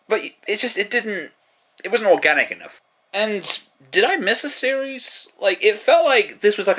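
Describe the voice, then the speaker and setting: A British man talks through a show review in a bright, fairly high voice that leaps around expressively. He is sarcastic and profane, tossing in self-deprecating jokes as he chats along casually.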